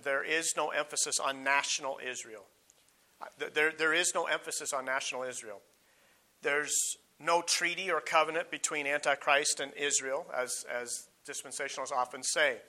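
A man preaching a sermon, pausing often with fillers and restarts, and repeating his key points for emphasis. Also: a little high, sharp tone.

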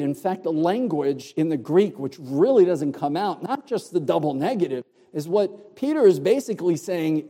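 A man preaching an expository sermon, explaining the Greek words of a passage with deliberate emphasis. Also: a little high, animated, mellow. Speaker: pastor. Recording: long hall reverb.

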